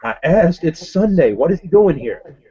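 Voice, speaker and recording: A man voicing an irritable, gruff male homicide detective who snaps his lines. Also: on the high side, very animated, normal speed, dark tone, dull audio, pitched above the performer's own voice, exaggerated voice. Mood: irritated. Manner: snappish.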